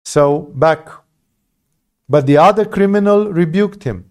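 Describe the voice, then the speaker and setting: A man's voice: high voice, a little slow, pauses often, darkish tone. A man giving an informal Bible study lesson, talking in an emphatic, conversational way and often restarting his phrases. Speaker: Bible teacher.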